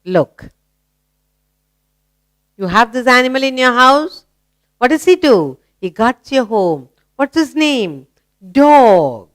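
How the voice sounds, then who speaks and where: A woman with an Indian English accent teaching a children's English lesson, asking simple questions and praising answers in a slow, encouraging sing-song. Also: fairly high pitch, big pitch swings.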